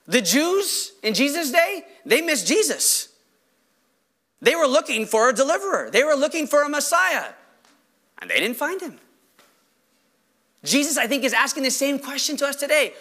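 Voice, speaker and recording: Male pastor preaching; very high, bright, lively voice; rhetorical and animated. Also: a little fast. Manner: animated, rhetorical questions, acts out quoted voices. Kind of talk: sermon.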